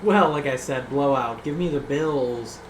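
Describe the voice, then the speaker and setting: A man's voice: mid-range voice, measured pace, reverberant, background noise. A man on a casual sports podcast panel, teasing and needling the others.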